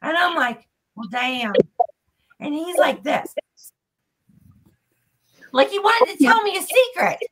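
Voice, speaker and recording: A woman guest on a podcast, casually retelling a story in an animated, profane way. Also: very high-pitched, slow pace, pauses often, rough recording.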